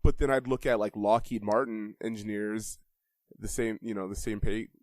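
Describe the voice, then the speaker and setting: A man hosting a podcast interview, talking in a relaxed, conversational way. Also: fairly low pitch, normal speed, no room sound. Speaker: podcast host. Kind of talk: casual interview chat.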